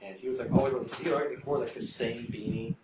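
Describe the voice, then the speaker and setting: A man's voice: mid-range voice, fairly even intonation, fast, recorded from a distance. A man co-hosting a podcast, telling a story in casual chat, rambling and swearing, with lots of "like". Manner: rambling, profane, heavy use of "like", mimics people in the story. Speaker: podcast co-host. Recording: echoey room with noise.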